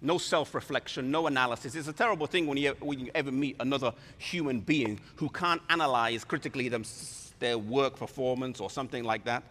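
A man preaching a sermon in an animated way, acting out scripture with voices. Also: medium pitch, brisk, few pauses. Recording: reverberant hall.

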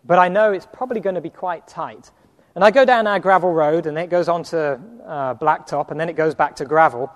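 An English preacher with a high voice tells homely stories from the pulpit, acting out both sides of conversations and chuckling as he goes. His voice rings out through a large hall with a long reverb tail. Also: fairly quick. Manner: storytelling, chuckles often, acts out dialogue. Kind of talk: sermon with personal stories.

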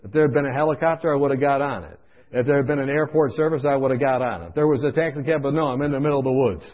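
A man preaching through a comic personal story, animated and acting out scenes, in a dull lo-fi recording. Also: medium pitch, rapid-fire. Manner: animated, comic, acts out voices.

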